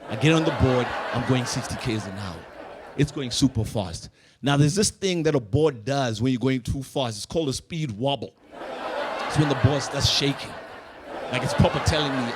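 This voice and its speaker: A young man, doing animated stand-up storytelling and acting out voices. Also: a little high, moderate pace. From South Africa. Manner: animated, acts out voices, laughs through lines. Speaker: stand-up comedian. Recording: noisy live room.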